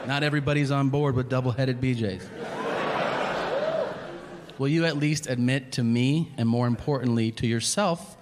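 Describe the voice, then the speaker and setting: A man doing a stand-up comedy set on a club stage, crude and deadpan in his setups, then shouting the punchlines. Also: mid-range voice. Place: comedy club stage before a live audience. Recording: reverberant venue with audience noise. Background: audience laughter.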